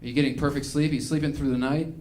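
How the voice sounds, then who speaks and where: A man voicing a calm, soft-spoken hippie male acupuncturist who talks slowly and earnestly. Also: mid-range voice, natural voice.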